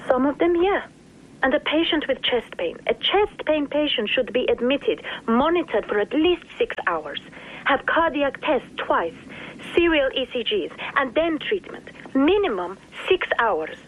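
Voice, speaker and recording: High-voiced woman on a tinny phone line. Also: sing-song, unhurried, a little hiss or hum. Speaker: hospital worker speaking by phone. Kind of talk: phone interview.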